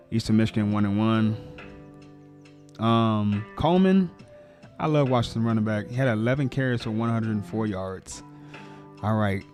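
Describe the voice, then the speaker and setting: A man giving a casual, slangy recap of college football scores, hyping players and teams. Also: mid-range voice. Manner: slangy, excited hype talk. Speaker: sports vlogger.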